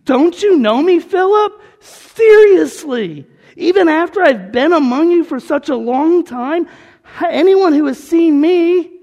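A man voicing an exasperated teacher scolding his slow students, pleading and incredulous, with a long hall reverb. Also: extremely high pitch, lively intonation, warm tone, pitched above the performer's own voice, heavily acted. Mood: frustrated.

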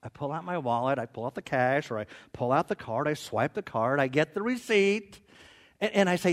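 A middle-aged man preaching a sermon as a pastor, telling humorous stories with animated delivery and stammered restarts like "and, and, and". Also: fairly high pitch, normal speed.

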